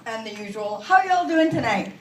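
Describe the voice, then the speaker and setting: A woman in her forties from Canada doing a stand-up comedy set in a club, delivering self-mocking punchlines in a deadpan way. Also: on the high side, normal speed, noisy background. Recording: echoey club from far off.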